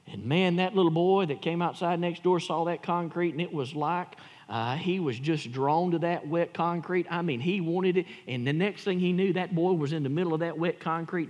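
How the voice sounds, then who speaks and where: A male pastor preaching with a notably high voice, moving from emphatic peaks to hushed asides. He tells stories as he preaches, and his voice trails off into a long church reverb. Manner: emphatic, storytelling, swings from loud to hushed. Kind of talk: sermon.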